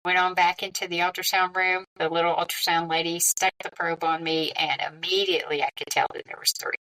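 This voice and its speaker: Give me a middle-aged woman with a bright, lowish voice, chatting through a personal story, slightly distant from the mic. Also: brisk. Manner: lively, conversational, with frequent quoted dialogue. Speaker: podcast guest.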